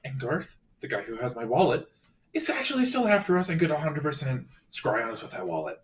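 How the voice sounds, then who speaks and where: A man's voice: medium pitch, sing-song, a little fast. A man playing a tabletop game, hesitant and self-correcting as he talks in character. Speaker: player.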